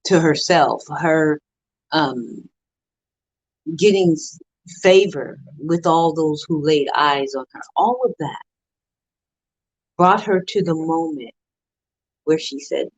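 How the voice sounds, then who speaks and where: A woman's voice: deep voice, slow pace, long pauses, no echo, poor audio. Earnest woman giving a motivational talk. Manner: earnest, preacher-like cadence with repetition. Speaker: motivational speaker. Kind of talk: live-streamed motivational talk.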